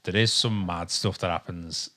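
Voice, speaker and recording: English man, deep low voice, casual podcast chat, rambling, many ums and restarts. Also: fairly even intonation, normal speed, bright, forceful tone. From England. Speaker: podcast co-host. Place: home with a dog nearby.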